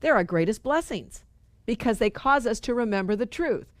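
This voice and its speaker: A middle-aged woman teaching a spiritual study group in an earnest, conversational way, circling back to repeat her key phrases. Her voice sits at an ordinary pitch and sounds dry and close, with little room around it. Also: animated, fairly quick, dry recording.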